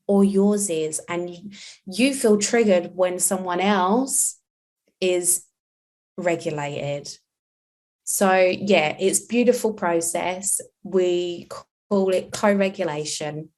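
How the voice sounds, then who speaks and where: A woman's voice: lowish voice, darkish tone. A woman hosting a podcast conversation about parenting, talking in an earnest, reflective way as a mother. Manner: earnest and reflective, acting out quoted lines.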